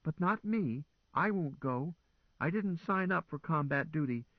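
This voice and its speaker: A man's voice: on the high side, lively intonation, a little slow, dry recording, dull audio, pitched above the performer's own voice. A man voicing a fretful, stubborn female AI that runs a flying car, with an anxious, whiny manner. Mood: defiant.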